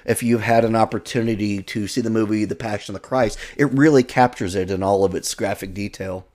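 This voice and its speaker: A man preaching a sermon in an earnest way, reading scripture and slowing down to stress key words. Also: fairly low pitch, steady tone, darkish tone.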